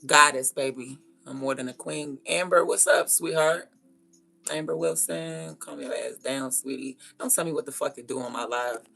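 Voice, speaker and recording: A woman's voice: low-pitched, moderate pace, creaky, bright, forceful tone. A young woman hosting a livestream, ranting bluntly and confrontationally with lots of profanity. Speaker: livestream host. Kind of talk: casual livestream rant.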